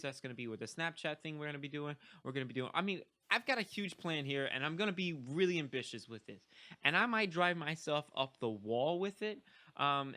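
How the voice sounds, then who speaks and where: A young man talks straight to his camera in a loose, rambling vlog, full of fillers and restarts. His voice is bright and sits a little high, and he keeps an upbeat, encouraging manner. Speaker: vlogger. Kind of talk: casual talking-head vlog.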